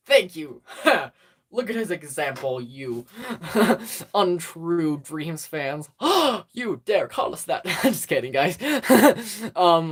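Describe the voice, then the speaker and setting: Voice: mid-range voice, a bit bright, husky. Giggly rambling livestreamer on a phone. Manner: rambling and giggly, full of fillers. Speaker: livestream host. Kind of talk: casual livestream chat with viewers.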